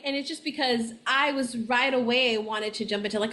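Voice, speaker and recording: A woman's voice: fairly high pitch, fairly even intonation, moderate pace, fairly bright tone. A woman giving a casual astrology forecast in a chatty way, often tagging "right?" and laughing, tired and a little nauseous. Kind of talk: casual monthly forecast talk.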